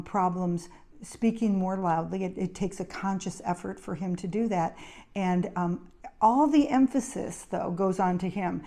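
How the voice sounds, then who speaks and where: A woman's voice: mid-range voice, warm tone. A middle-aged woman, an occupational therapist hosting her own show, giving casual advice and telling anecdotes in a chatty way. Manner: chatty storyteller, anecdotes with acted quotes. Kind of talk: casual advice talk to camera.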